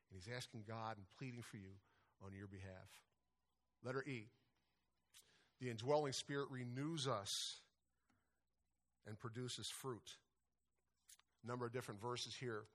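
A man's voice: medium pitch, a bit bright. Male pastor, sermon delivery, plain and unpolished, mid-range voice, repeats words mid-thought.

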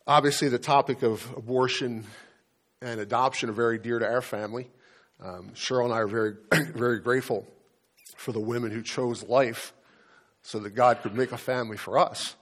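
A male pastor preaches in a church, his voice sitting at an ordinary middle pitch. He tells a personal story earnestly, often pausing and restarting mid-sentence as he gathers his thoughts. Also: steady tone, a bit bright.

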